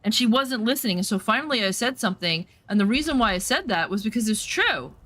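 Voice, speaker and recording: Talking fast in a higher-pitched voice, a female streamer chats while she plays, bluntly recounting a story full of swearing. She brings it to life by acting out other people's words.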